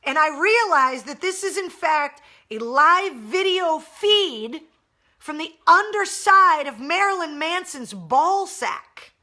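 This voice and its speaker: Woman radio host, high and bright, animated and salty storyteller, casual live-stream chat. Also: takes it slowly. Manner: animated, blunt and profane storyteller.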